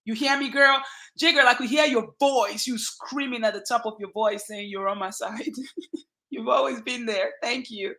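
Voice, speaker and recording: Nigerian woman livestream host, fairly high bright voice, emphatic and chatty. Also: moderate pace. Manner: warm greetings to viewers by name, lively and emphatic. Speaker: channel host. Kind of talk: casual livestream chat.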